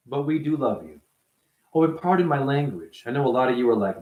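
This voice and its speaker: A man ranting to camera in a profane, mocking monologue, firing rapid rhetorical questions at the viewer. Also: medium pitch, big pitch swings, dull audio. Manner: profane, mocking, swings between shouting and murmuring. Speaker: self-styled spiritual vlogger.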